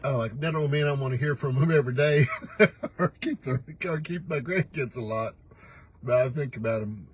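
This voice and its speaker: A man's voice: medium pitch, normal speed, husky, no echo, low-quality recording. An older man hosting a casual morning livestream, folksy and teasing, laughing often as he talks. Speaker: host. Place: pickup truck.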